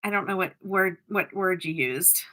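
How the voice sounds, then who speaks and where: Lady chatting on a makeup live stream, bright voice, jokey and giggly. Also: fairly low pitch, moderate pace. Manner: chatty, laughs often, teasing. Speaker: makeup vlogger. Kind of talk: casual chat with live viewers.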